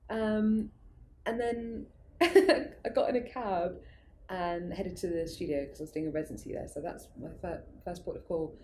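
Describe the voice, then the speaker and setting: A young adult woman with a low, mellow voice tells stories in a loose, rambling way and laughs often. Her speech is full of fillers and false starts. Her voice sits at the deep end of the range. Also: expressive, moderate pace, slight background noise. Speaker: guest, arts project founder. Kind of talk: casual conversational storytelling.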